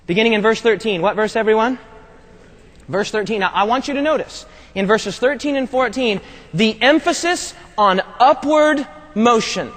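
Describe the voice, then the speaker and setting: Man, preacher, very high voice, emphatic sermon, questions to the congregation, long hall reverb. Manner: call-and-response questions to the congregation; emphatic, wide swings from loud to hushed.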